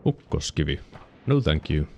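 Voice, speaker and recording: A man's voice: extremely low pitch, very animated, normal speed, vocal fry, a little mellow, dull audio, a little hiss or hum. A man with a Finnish accent giving casual gameplay commentary while streaming, rambling and correcting himself as he explains mechanics, hiccuping now and then. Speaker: game streamer.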